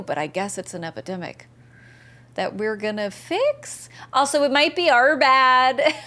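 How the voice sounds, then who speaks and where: A woman's voice: high-pitched, normal speed, bright, forceful tone. A woman from the American Southeast, chatting casually and enthusiastically with viewers while streaming a game. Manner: chatty, bubbly, reads chat messages aloud and answers viewers. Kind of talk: casual live-stream chat while gaming.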